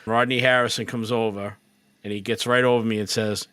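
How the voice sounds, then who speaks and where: Low-voiced man telling a sports story. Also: fairly quick, clean tone, no room sound. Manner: animated, quotes people in his stories. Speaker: podcast guest. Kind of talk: casual storytelling. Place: podcast recording.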